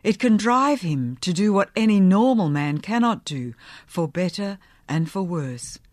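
A troubled young wife speaking in hushed, earnest tones as a woman reads her lines from a novel. The pace is slow and careful, and the voice is close and dry. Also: medium pitch, lively intonation, no room sound, lightly acted.

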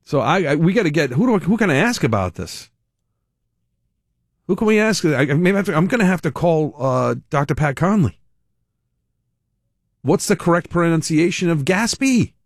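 A man's voice: a little high, very animated, normal speed, long pauses, no echo, clean studio sound. A man hosting a radio talk show, chatting casually and telling rambling, self-interrupting stories with amusement. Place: radio studio. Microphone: studio microphone.

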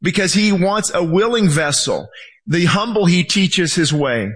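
A man preaching a sermon in a church, with impassioned delivery that slows down for emphasis and acts out voices of people in the stories. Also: high-pitched, animated, fairly bright tone. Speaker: pastor. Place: church sanctuary with screen.

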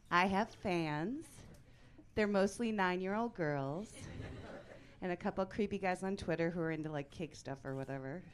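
A woman in her forties doing a stand-up comedy set on a club stage, deadpan with sudden loud outbursts. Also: medium pitch.

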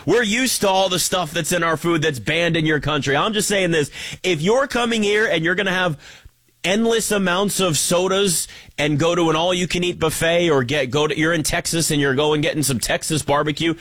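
Wry, ranting sports-talk man, higher voice. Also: a bit bright, dry recording. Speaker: sports commentator. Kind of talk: opinionated sports talk monologue.

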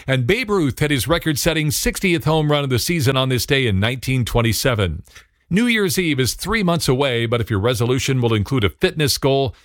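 A man's voice: medium pitch, no room sound, studio quality. A man reading a scripted daily radio report with practical tips.

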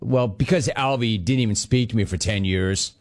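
A man's voice: fairly low pitch, moderate pace. A man hosting a sports talk show, chatting casually and joking as he riffs on listener messages. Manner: animated, riffing and joking on viewer comments.

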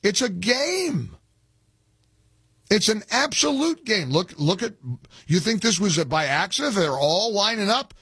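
A male talk radio host with a husky, somewhat high voice, recorded dry and close. He talks in a combative, sarcastic way, firing off questions and jabs at opponents. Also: big pitch swings, moderate pace, sharp tone, no room sound. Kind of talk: opinionated call-in talk radio.

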